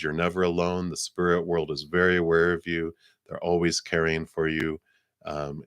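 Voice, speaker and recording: A man's voice: sits low, no room sound, studio quality. A middle-aged man hosting a live tarot card reading, chatting casually with viewers and thanking donors. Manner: relaxed and chatty, thanks donors, many fillers.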